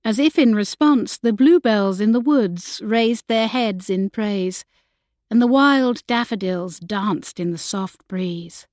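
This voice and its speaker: A woman narrating a historical romance audiobook in a gentle, measured way. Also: mid-range voice, dry recording. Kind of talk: scripted narration.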